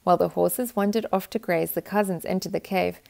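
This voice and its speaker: Woman reading a kids book out loud, gentle and expressive, bit of vocal fry. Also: fairly low pitch, brisk. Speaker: children's book reader. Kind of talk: storybook read-aloud.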